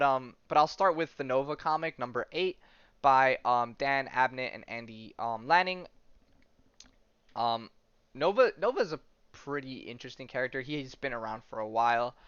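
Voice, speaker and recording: In a casual podcast chat, the male host has a clear, resonant, medium-pitched voice with a fairly bright tone. He rambles, often using fillers and restarting, and the recording is dull and dry with no echo.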